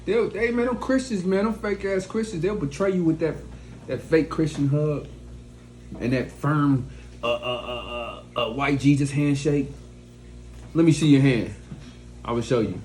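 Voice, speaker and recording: A man's voice: fairly high pitch, moderate pace, pauses often, darkish tone. A man teaching a study group, speaking in a blunt, profane, mocking way. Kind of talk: preaching to a class. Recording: echoey room, faint background noise.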